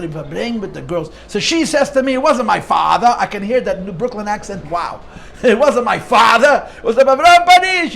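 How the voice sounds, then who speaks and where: High-voiced rabbi telling stories. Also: male voice, slight background noise. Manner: animated storyteller, frequent restarts, sprinkles Yiddish and Hebrew terms. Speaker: rabbi teaching a class. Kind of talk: informal Torah lesson with storytelling.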